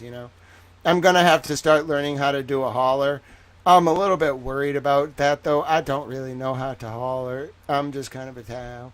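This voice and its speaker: A man's voice: mid-range voice, moderate pace. A man hosting a livestream, talking in a casual, rambling way with joking, self-mocking asides. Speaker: livestream host.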